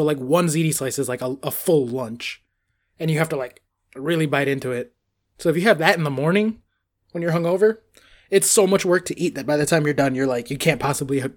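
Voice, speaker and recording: Man, fairly high voice, animated podcast chat, laughs a lot, swears. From New York.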